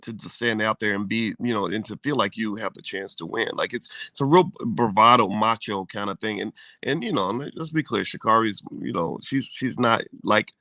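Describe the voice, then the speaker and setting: Gravelly male podcast co-host, casual and rambling, dry close mic. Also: on the low side, normal speed, hardly any pauses, pushed and bright, no echo. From United States. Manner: loose, rambling, swears casually.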